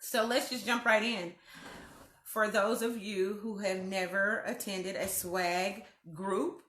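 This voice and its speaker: Woman live-stream host, slow, chatty, bright voice, echoey living room. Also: medium pitch, slight background noise. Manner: chatty, greets viewers by name, slow and drawn out. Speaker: host of a weekly live video chat. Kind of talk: casual live-stream chat.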